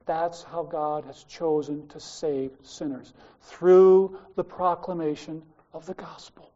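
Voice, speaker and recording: A man's voice: fairly high pitch, steady tone, slow, warm tone, lo-fi sound. An older man with an Australian accent, preaching a sermon in a conversational storytelling way, with wandering asides. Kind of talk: sermon with personal stories.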